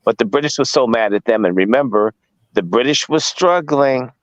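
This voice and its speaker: A man's voice: mid-range voice, expressive, moderate pace, dry recording, poor audio. A man from Washington, D.C. giving a casual lecture, firing rhetorical questions at his listeners, blunt and profane. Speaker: guest speaker.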